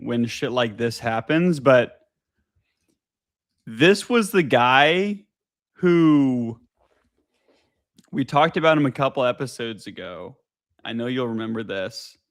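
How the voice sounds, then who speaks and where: Slow-talking laid-back male podcast host. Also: medium pitch, no echo, clean studio sound. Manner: laid-back, drawn-out storytelling with swearing. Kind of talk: casual chat.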